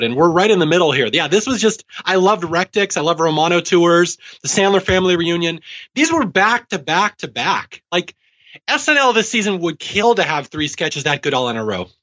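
A man's voice: high-pitched, sing-song, moderate pace, bright, forceful tone. A man in his forties co-hosting a podcast, talking casually and eagerly, often laughing. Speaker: podcast co-host. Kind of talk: casual chat. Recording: dull lo-fi sound.

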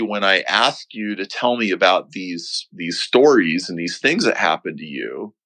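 A middle-aged man as a podcast guest, slowly and earnestly recounting a personal story in a reflective way. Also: lowish voice, bright, forceful tone, dry recording, rough recording. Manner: slow, reflective, earnest telling.

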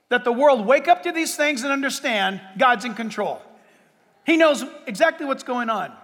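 A man preaching a sermon as pastor, emphatic, with dramatic pauses and sudden bursts of force. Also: extremely high pitch, a bit bright, big-room sound.

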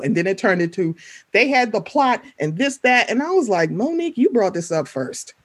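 A woman in casual chat, telling stories animatedly and acting out what people said. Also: mid-range voice. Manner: animated, fast storytelling, quoting people in voices.

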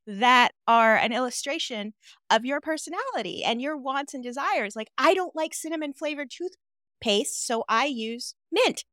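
A woman's voice: high voice, animated, normal speed, a bit bright, dry recording, studio quality. A woman guest in a casual interview, playful and emphatic, laughing easily as she talks.

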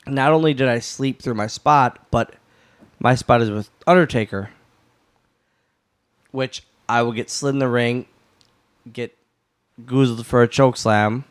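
A man guesting on a podcast, telling a backstage story in a lively way and swearing freely. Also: medium pitch, measured pace, pauses often, smooth.

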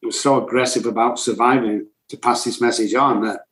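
Fairly quick and with fairly even intonation, a medium-pitched middle-aged English man tells a podcast his own recovery story. The sound is roomy and the recording low quality. His emotional storytelling is blunt and intense, and he admits to being loud and cocky.

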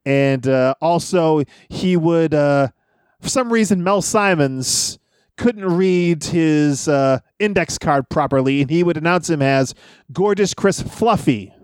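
A man's voice: fairly high pitch, slow, clean tone, no echo, studio quality. A man chatting casually on a wrestling podcast, rambling through old stories and laughing often.

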